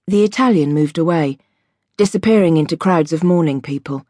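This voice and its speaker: A woman reading an audiobook in a measured, vivid storytelling voice. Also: deep voice, mellow, no echo, clean studio sound. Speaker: audiobook narrator. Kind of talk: scripted audiobook narration.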